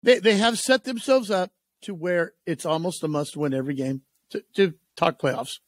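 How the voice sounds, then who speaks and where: A man hosting a radio sports show, chatting casually and telling animated stories that he acts out in voices, on a studio microphone. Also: high-pitched, normal speed, dry recording. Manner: animated storyteller, does voices.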